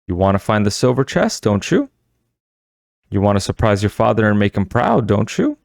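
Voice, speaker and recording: A man's voice: on the low side, sing-song, moderate pace, gravelly, a little mellow, no echo, clean studio sound. A man voicing a stern, mysterious woman of the forest who gives solemn commands in an audiobook. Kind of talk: audiobook character voice.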